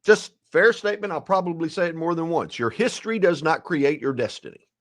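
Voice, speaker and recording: A man in his sixties, a guest telling a story in a lively, dramatic way and acting out the quotes. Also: a little high, a little fast. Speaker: guest, ethics speaker. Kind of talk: animated storytelling.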